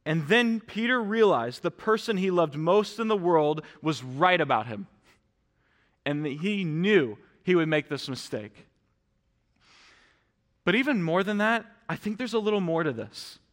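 A pastor delivers a sermon in a church sanctuary, addressing the congregation directly and earnestly while frequently starting his sentences over. He speaks at a measured pace in a high-pitched, slightly bright voice with lively intonation, and the sound carries like a large hall.

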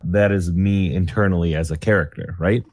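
Speaking at a normal speed in a low, steady, darkish voice, this man is a tabletop gamer on a casual voice call. He enthusiastically thinks out loud about his character.

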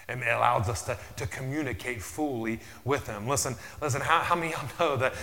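A man preaching a sermon as pastor, repeating his phrases, dropping in "amen" often, and building to loud, emphatic peaks. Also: medium pitch. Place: church sanctuary. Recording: long reverb of a large hall.

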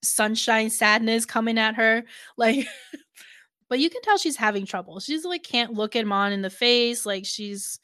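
A woman's voice: fairly high pitch, measured pace, no echo, studio quality. A woman in casual reaction chat, recapping a series scene with lots of laughter and "like" fillers. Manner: animated, laughing often, many "like" fillers. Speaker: co-host of a reaction show.

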